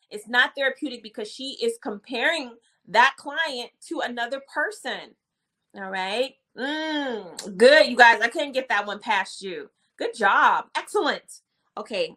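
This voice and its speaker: A woman running a live-stream nursing exam review, lively and teasing, repeating phrases and chatting with her viewers. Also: on the high side.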